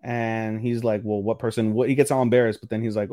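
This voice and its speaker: A man's voice: lowish voice, quick pace, dry recording. Man, podcast co-host, casual anime recap, dry close sound, acts out quotes. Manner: animated recapping with acted-out quotes, swearing. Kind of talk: casual anime review chat.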